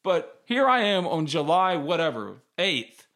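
A man's voice: a little high, very animated, a little slow, a bit bright. A man, hosting a casual sports podcast and telling stories in a candid, rambling way. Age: 30s. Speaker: podcast host.

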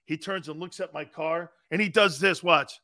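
A man hosting a sports talk radio show, telling rambling, animated stories with sudden loud bursts. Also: on the high side, normal speed, dry recording, clean studio sound.

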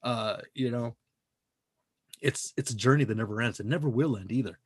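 A man's voice: medium pitch, moderate pace, breathy edge, no echo, studio quality. A man co-hosting a podcast, talking in a casual, profane, emphatic way that rambles from point to point. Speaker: podcast co-host.

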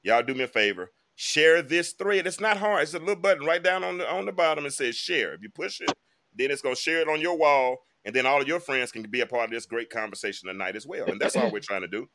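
Addressing his viewers directly, the host of a live online talk show gives chatty, emphatic commentary. He talks quickly in an animated, mid-range voice that's a bit bright.

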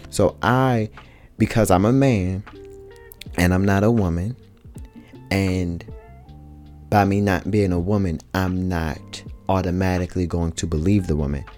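A man's voice: deep voice, fairly even intonation, measured pace, long pauses, darkish tone, soft background music. A man talking earnestly in a reflective personal monologue, speaking colloquially to his listeners and repeating key points for emphasis.

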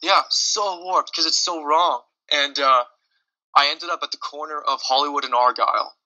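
A man's voice: a little high, normal speed, pushed and bright. A man, a singer being interviewed, telling a personal story in an earnest, heartfelt way with many restarts. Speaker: lead singer, interview guest. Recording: dull lo-fi audio.

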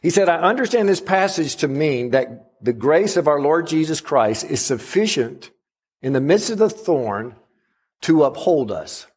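A male pastor delivers a sermon in a high, husky voice. He leans on dramatic pauses and drags out key phrases for emphasis. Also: sing-song, darkish tone.

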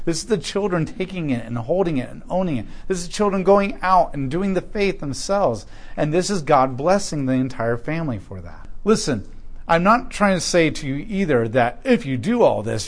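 A man teaching through a Bible passage verse by verse, animated and emphatic, acting out quotes and repeating key points. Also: on the high side.

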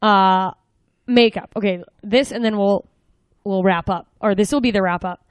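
A young woman hosting a casual chat, asking quick, playful questions. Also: mid-range voice, smooth, no room sound. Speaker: podcast host.

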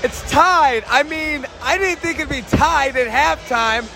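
A man hosting his own fan sports show live from the stands of an outdoor football stadium, talking in a hyped, shouty, rambling way and losing his voice. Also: extremely high pitch, slow pace, vocal fry, soft background music. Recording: loud stadium crowd and noise.

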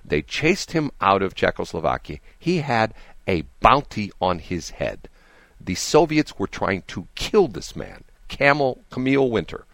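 A man hosting a radio talk show, giving his opinions in an animated, talkative way and mocking the people he disagrees with. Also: on the low side, dry recording. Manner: animated, mocking imitations of others. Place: radio studio.

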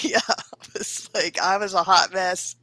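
A woman co-hosting a casual podcast chat, telling an animated story and acting out quotes in a high voice. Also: unhurried, no room sound. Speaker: podcast co-host.

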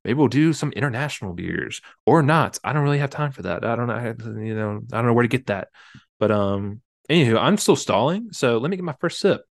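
A man's voice: mid-range voice, animated, fairly quick, creaky, dry recording, clean studio sound. A young man co-hosting a casual podcast, joking and rambling with lots of fillers while tipsy from drinking. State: slightly drunk. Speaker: podcast co-host. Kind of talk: casual chat.

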